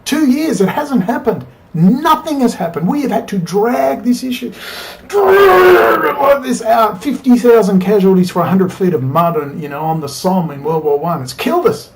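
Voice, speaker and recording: A man's voice: sits high, expressive, normal speed, few pauses, background noise. A man talking to his webcam in a fervent, rambling monologue that swings between urgent exhortation and weary asides. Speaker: political video blogger. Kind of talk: impassioned rambling monologue to camera. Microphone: laptop webcam.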